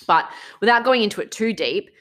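A woman's voice: mid-range voice, animated, a little fast, a bit bright. A young woman co-hosting a podcast, talking bluntly and emphatically and swearing freely in casual chat. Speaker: podcast co-host.

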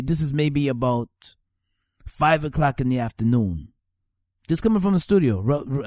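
A man's voice: medium pitch, warm tone, dry recording, clean studio sound. A middle-aged man from Staten Island, giving earnest personal testimony and repeating phrases for emphasis. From New York, Staten Island.

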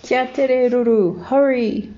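An eager little kiwi bird, voiced by a woman for a storybook, squeaky and high as she coaxes and hurries everyone along. Her voice is bright and loud against a dull, lo-fi recording. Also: takes it slowly, a little hiss or hum. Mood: urging. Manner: urgent, coaxing.

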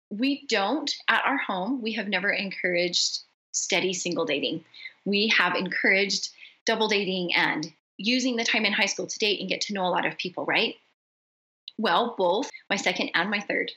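Middle-aged woman, podcast guest; bright and ringing, animated storyteller who acts out the dialogue. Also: medium pitch, low-quality recording. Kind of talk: casual conversation.

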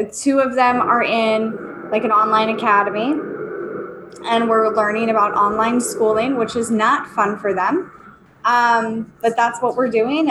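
A woman's voice: on the high side, fairly bright tone, a little hiss or hum, rough recording. A woman who co-hosts a podcast and is a mother of three, talking in a candid, chatty, self-deprecating way. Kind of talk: casual podcast conversation.

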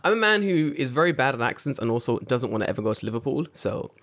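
A man's voice: mid-range voice, big pitch swings, fast talker, fairly bright tone. A man chatting casually as a podcast co-host, rambling and joking, often slipping into silly put-on voices. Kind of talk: casual chat.

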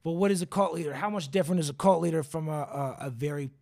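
A young man hosting a podcast, telling a story off the cuff in a loose, profane, animated way. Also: on the high side, fast, gravelly. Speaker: podcast host. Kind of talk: casual storytelling.

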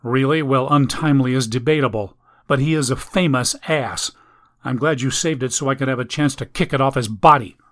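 A man voicing a sharp-tongued young woman, scolding and sarcastic, in a high put-on voice. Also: a little fast, lightly acted.

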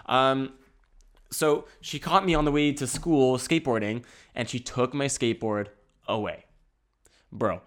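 Here a young Canadian man spins a rambling, comic tale in a fairly bright, medium-pitched voice. Laughter, free swearing, and self-deprecating asides run throughout.

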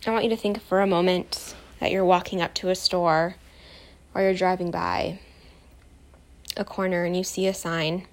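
A woman guiding a self-compassion meditation, soft, calm and encouraging, telling a short personal story. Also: on the low side. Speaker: meditation guide.

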